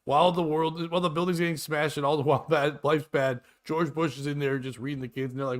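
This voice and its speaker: A man's voice: fairly high pitch, steady tone, quick pace, hardly any pauses. A man hosting a comedy podcast, joking through casual banter and laughing often. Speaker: podcast host.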